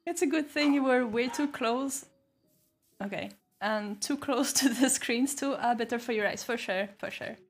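A woman's voice: fairly high pitch, moderate pace, breathy edge, soft background music. A young woman streaming while painting, chatting casually and reading out chat messages with frequent giggles.

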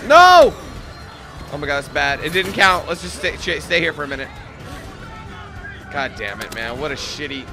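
A man's voice: fairly high pitch, brisk, long pauses, a crowd in the background. Cursing gamer man with game music behind. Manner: casual, profane, bursts into frustrated shouting. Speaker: gaming channel host. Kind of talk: let's play commentary. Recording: game music playing underneath. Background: video game music and sounds.

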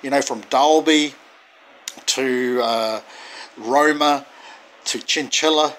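A man's voice: mid-range voice, slow, a bit bright, slight background noise, low-quality recording. A man speaking his mind in a casual monologue, indignant and emphatic, repeating words for stress. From Australia.

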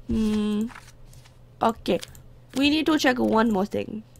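Woman, gaming commentary, gravelly voice, a little high, chatty, playful put-on accents, faint noise. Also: slow. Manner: talks to game characters as a border guard. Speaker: gameplay commentator. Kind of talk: casual let's play commentary.

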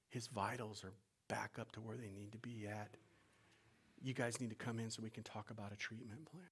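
A middle-aged man preaching a sermon, moving from loud, urgent appeals to hushed, whispered storytelling. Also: fairly low pitch, fairly even intonation, brisk, husky. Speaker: pastor.

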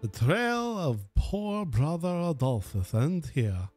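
A man putting on a vague mixed accent to read out an earnest male adventurer's journal slowly and theatrically. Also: a little high, wildly swooping pitch, darkish tone, faint music behind, heavily acted. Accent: vague mixed put-on accent. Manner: slow, theatrical reading.

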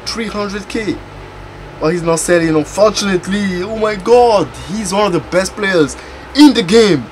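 A man giving excitable pack-opening commentary for a video game, exclaiming and shouting over each pick. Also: extremely high pitch. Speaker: gaming YouTuber.

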